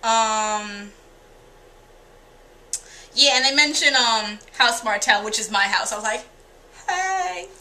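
A woman talks through a TV episode review in a loose, unscripted way, candid and quick to swear. Her voice sits a little high and has a bright, forceful edge. She slips into the characters' lines as she retells scenes. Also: fairly even intonation. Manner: candid, profane, chatty, acts out characters' lines. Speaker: TV show reviewer. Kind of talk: casual spoken episode review.

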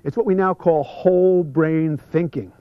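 A man leads an instructional seminar with lots of energy, drawing out foreign terms so the audience can call them back. His voice sits a little high for a man, and at times he drops to a near hush. The recording is dull and lo-fi. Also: a little slow, no room sound. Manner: energetic, stretching out foreign words for the audience to repeat; drops to a hush for some passages. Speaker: seminar presenter. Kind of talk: instructional seminar talk leading audience repetition. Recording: muffled lo-fi video recording.

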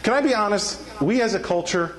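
High-voiced man preaching a sermon. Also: animated, brisk, fairly bright tone. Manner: emphatic, calls for congregation responses. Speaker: pastor. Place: church sanctuary.

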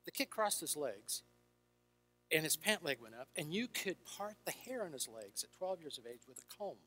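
Telling stories to an audience in a reverberant hall with faint music, an older Christian counselor acts out the dialogue with changing voices. He sounds fairly high, very animated, pushed and bright, with a breathy edge, at normal speed.

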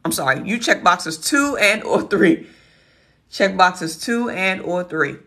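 A woman hosts a casual livestream Q&A in a hoarse, gravelly voice that keeps cracking. She sits fairly low in pitch and sounds folksy and chatty, often muttering to herself as she works. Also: expressive, takes it slowly, fairly bright tone. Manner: folksy, chatty, talks to herself while searching. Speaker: host answering viewer questions.

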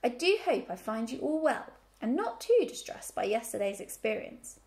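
A woman's voice: fairly high pitch, very animated, moderate pace, darkish tone. A woman voicing an earnest, very polite young male pig who speaks formally and eagerly in a storybook reading.

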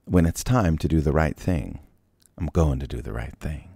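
A man with a low voice reads scripture aloud and interrupts himself with casual, joking asides, laughing and sighing. The recording is dry and close. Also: lively intonation, normal speed, vocal fry, warm tone, slightly rough, no echo. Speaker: Bible reader. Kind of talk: scripture reading with casual commentary.

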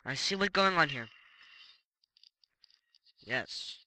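A man giving casual gameplay commentary as a let's play gamer, excitable and swearing, with frequent exclamations. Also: fairly high pitch, takes it slowly, poor audio.

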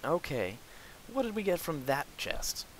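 A young man hosting a gameplay video, excitedly commenting on his own play, talking to his enemies and breaking into outbursts and laughs. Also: fairly high pitch, measured pace, a little hiss or hum, rough recording. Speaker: gaming video host.

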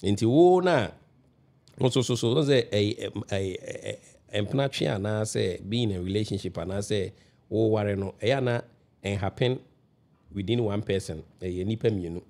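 A man's voice: lowish voice, moderate pace, a little mellow. Man explaining at length. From Ghana. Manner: explaining at length with many restarts and "wate aseɛ?" checks. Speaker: guest. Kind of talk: radio talk-show discussion.

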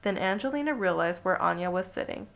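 A woman reading a children's picture book aloud with steady, expressive storytelling. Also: lowish voice, quick pace, vocal fry, dull audio. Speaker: storybook reader.

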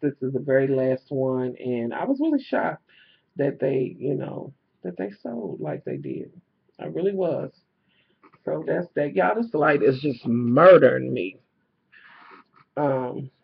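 Gravelly and husky, his mid-range voice carries a casual vlog rant to camera, laced with swearing, fillers, and exasperation. The speaker sells jewelry and records indoors at home, where the camera mic yields dull, lo-fi audio.

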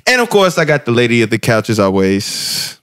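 A man's voice: medium pitch, very animated, brisk, background noise. A young man hosting a casual podcast, loose and joking, swearing freely as he talks. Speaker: podcast host.

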